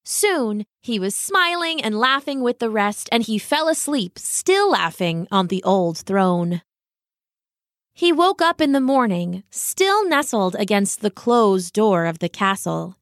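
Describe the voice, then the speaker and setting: A woman narrating a storybook tale in a gentle, expressive way. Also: mid-range voice, takes it slowly, no room sound, clean studio sound.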